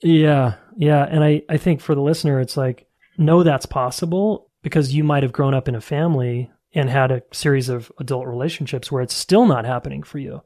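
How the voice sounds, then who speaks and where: A man of ordinary middle pitch speaks as a podcast guest and relationship coach. He is candid and reflective, and he circles his points with casual fillers. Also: brisk, a little mellow.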